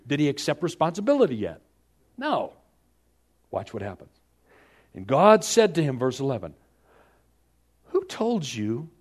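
A man preaching a sermon, asking the congregation rhetorical questions and swinging from hushed to loud. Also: medium pitch. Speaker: pastor.

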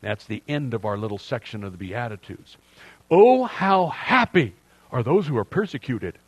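A man in his sixties preaching a sermon in a chatty, lively way, dropping to soft asides and rising to loud emphasis. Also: mid-range voice, normal speed, slightly rough, no echo. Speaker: pastor.

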